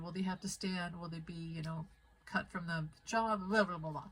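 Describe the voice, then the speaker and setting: A woman's voice: lowish voice, steady tone, moderate pace, a bit bright, a little hiss or hum, rough recording. A woman vlogging into her phone, rambling and heated in a conspiratorial way. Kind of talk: casual rambling monologue to camera. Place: home in the Midwest of the USA.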